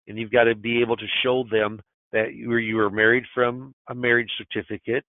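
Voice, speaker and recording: A man's voice: medium pitch, flat delivery, fairly quick, no echo. A man in his sixties giving a webinar as a financial advisor, talking in an emphatic, folksy way that restarts and repeats phrases. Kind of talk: webinar presentation. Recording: tinny phone-like line.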